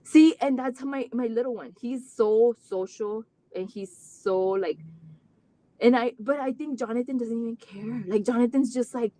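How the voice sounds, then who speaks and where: With a voice on the high side at normal speed, a woman, a parent guest, shares her family's story in a live interview. She's earnest and heartfelt, candid, rambling in long run-on sentences full of "like," and animated whenever she retells conversations.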